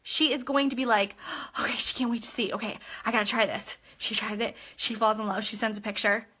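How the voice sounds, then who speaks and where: Bright, chatty woman coaching her sales team. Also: a little high, a little fast, breathy edge. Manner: energetic, chatty, repeats points and checks in with "okay?"; acts out customer chats in a bubbly voice. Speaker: direct sales team leader. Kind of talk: live video training for her sales team.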